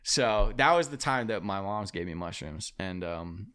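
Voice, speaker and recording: Animated man telling a wild story. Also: sits low, normal speed, smooth. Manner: animated, profane, acts out quotes loudly. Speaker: podcast guest. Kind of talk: casual storytelling.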